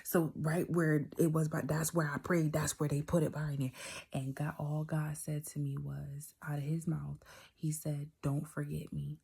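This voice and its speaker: Low gravelly woman telling her story. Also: moderate pace. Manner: animated, repeats phrases, drops to whispers for emphasis. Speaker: vlogger telling a personal testimony. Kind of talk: casual storytelling.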